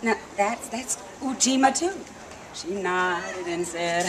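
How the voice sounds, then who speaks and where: A woman telling a story live to an audience, lively and coaxing the crowd to call back. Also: medium pitch, takes it slowly. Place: outdoor theme park stage. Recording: noisy live outdoor recording.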